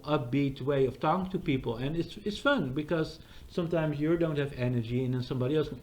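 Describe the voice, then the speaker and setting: A man's voice: on the high side, fairly quick, few pauses, darkish tone, a little hiss or hum. A man talking in a casual, rambling monologue, full of fillers and restarts.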